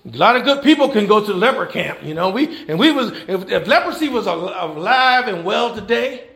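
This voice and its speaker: A man preaching a sermon, animated and folksy, with rhetorical questions and repeated phrases. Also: sits high, fairly quick, vocal fry, echoey room. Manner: folksy Southern American church phrasing. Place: church.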